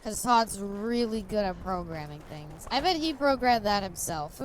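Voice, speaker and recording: A woman's voice: mid-range voice, lively intonation, a little slow, a little hiss or hum. A woman streamer giving casual commentary while she plays, rambling through jokey stories and laughing often. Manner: rambling, giggly, jokey storytelling. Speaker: streamer playing a game.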